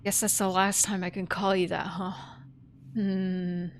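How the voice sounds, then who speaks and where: A woman livestreaming a game and chatting casually, animated, laughing often and swearing freely. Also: mid-range voice, a little slow, a little hiss or hum. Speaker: streamer.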